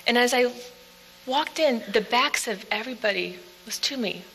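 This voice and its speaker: A woman giving an earnest personal testimony speech in plain storytelling, dropping to quiet passages. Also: fairly high pitch, moderate pace. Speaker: speaker telling her own story. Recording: echoey hall with faint hum.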